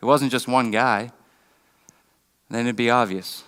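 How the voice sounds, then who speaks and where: A man's voice: medium pitch, very animated, unhurried, long pauses, sharp tone, clear, resonant tone. A man preaching a sermon in a conversational, storytelling way, often restarting his sentences. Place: church hall. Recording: long reverb of a hall.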